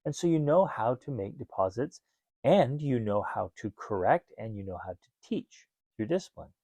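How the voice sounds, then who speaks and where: A man's voice: medium pitch, normal speed, no room sound, dull audio. A middle-aged man co-hosting a casual parenting podcast, talking animatedly and acting out bits of dialogue. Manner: animated, acts out quoted dialogue. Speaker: podcast co-host.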